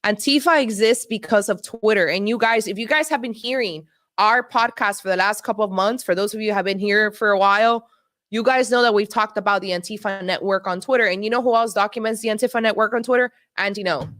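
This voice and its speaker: A woman's voice: mid-range voice, fast talker, fairly bright tone. A woman with an accent co-hosting a political podcast, talking emphatically and repeating her points. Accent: non-native English. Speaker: podcast co-host.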